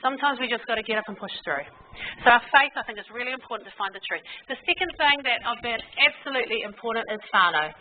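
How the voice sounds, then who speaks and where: A New woman speaking to a gathering in an informal, candid way, dropping into little acted-out voices and laughing often. Her voice sits a little high. The recording is thin and tinny, as if heard down a phone line. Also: fast, slight background noise. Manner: lively and candid, acts out quotes and laughs easily. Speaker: conference speaker. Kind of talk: informal faith talk to an audience.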